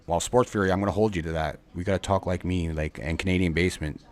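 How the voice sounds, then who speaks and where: A man hosting a sports talk live stream with a fairly low voice. He is enthusiastic, hypes up his callers, and stumbles through fillers and restarts. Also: fairly even intonation. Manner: enthusiastic, halting with fillers and repeats. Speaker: host.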